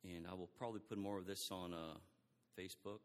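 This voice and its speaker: A middle-aged man preaching a sermon in an animated way, acting out quoted dialogue and often restarting his sentences. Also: sits low, brisk, in a large hall.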